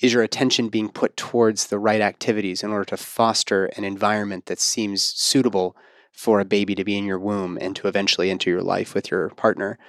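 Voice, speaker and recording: A man in his thirties hosting a podcast interview, talking in a self-assured, animated way and pushing his pitch up for emphasis. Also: fairly quick, dry recording, clean studio sound. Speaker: podcast host and fertility coach. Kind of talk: casual interview chat.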